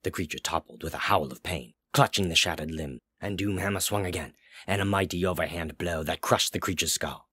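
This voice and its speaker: A man narrating a fantasy story aloud in a slow, measured way. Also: sits low, sharp tone, husky, no room sound. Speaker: story reader. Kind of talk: audiobook narration.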